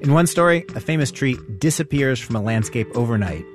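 A man's voice: mid-range voice, expressive, brisk, soft background music. A man hosting a radio show, asking short curious questions and introducing stories. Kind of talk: conversational radio storytelling.

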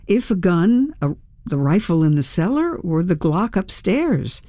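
A narrator reading a tense first-person story aloud in a measured, storytelling manner. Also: mid-range voice, sing-song, warm tone, dry recording. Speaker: audiobook narrator.

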